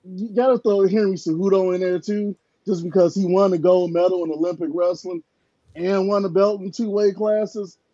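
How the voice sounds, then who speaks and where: A man's voice: sits high, fairly even intonation, normal speed, dark tone, no echo, lo-fi sound. A man co-hosting a sports podcast, chatting casually and telling rambling stories packed with filler words.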